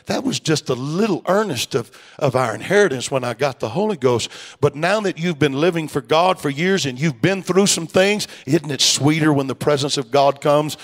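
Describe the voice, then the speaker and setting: A middle-aged man preaching a fervent Pentecostal sermon, rising to loud, high exhortation and dropping to soft asides. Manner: fervent preaching that swells louder and higher, then drops to a soft aside. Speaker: pastor. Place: church sanctuary. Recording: long church hall reverb.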